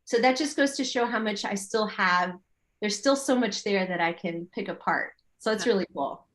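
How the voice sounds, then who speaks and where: A middle-aged woman, a yoga teacher, chatting as an interview guest and telling animated stories full of her own remembered thoughts. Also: mid-range voice, normal speed. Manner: animated storytelling with quoted inner thoughts. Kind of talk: casual interview chat.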